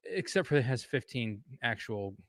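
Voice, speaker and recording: A man from Illinois explains valuation in an easygoing classroom manner, full of fillers and quick restarts. His voice sits at a middle pitch and is recorded close and dry, with no room sound. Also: sing-song, no echo. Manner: loose and conversational, many fillers and self-corrections. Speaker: real estate educator. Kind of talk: casual teaching talk. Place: indoor room with a board.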